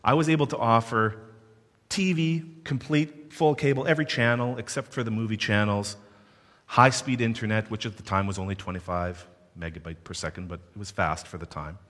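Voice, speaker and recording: A man's voice: on the low side, a little fast. A man from Canada telling a personal story with playful asides to his listeners. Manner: animated, playful asides to the audience. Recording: long hall reverb.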